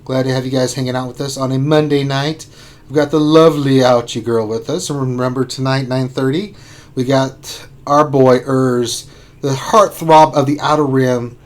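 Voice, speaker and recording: A man hosting a casual gaming livestream, playful and excitable, teasing his co-host. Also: mid-range voice, normal speed.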